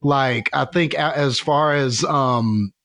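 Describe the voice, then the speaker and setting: A man's voice: mid-range voice, slow, a bit bright. Enthusiastic male film podcast co-host. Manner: enthusiastic, emphatic, laughs often. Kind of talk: casual movie review chat.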